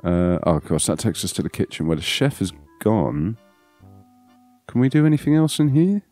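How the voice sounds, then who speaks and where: A man's voice: lowish voice, big pitch swings, normal speed, mellow, faint music behind. A man hosting a let's play, chatting playfully and thinking aloud as he goes. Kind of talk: casual gameplay commentary.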